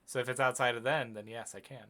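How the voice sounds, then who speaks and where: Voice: medium pitch, steady tone, fast, fairly bright tone, a little hiss or hum. A streamer chatting casually and reacting with joking asides while playing a game. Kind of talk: casual let's-play commentary. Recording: game music underneath.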